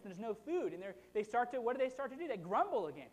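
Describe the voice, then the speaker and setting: A preacher giving a casual, conversational sermon, retelling a story in a chatty, animated way and checking in with the audience by asking "right?". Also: mid-range voice, fast talker, few pauses. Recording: long hall reverb.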